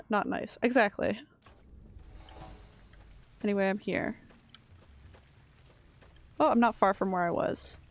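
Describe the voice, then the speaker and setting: A young woman with a gravelly, fry-edged voice chats her way through a game stream. She rambles loosely, swears casually and laughs at her own mistakes. Her pitch sits in an ordinary middle range. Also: slow, long pauses. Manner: chatty, rambling, swears casually, self-mocking. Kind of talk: casual gameplay commentary.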